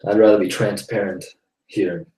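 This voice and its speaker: Hosting a live webcast, a man gives a rambling, casual faith-based monologue about his own life, sighing and laughing between thoughts. His voice is on the low side, mellow and level, at normal speed, picked up off the mic with roomy echo.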